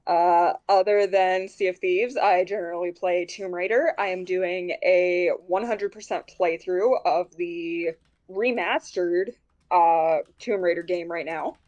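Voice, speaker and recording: A woman's voice: fairly low pitch, steady tone, a little slow, darkish tone, muffled recording. A woman streamer talking casually, a little tired and hesitant, with many ums. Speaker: streamer guest.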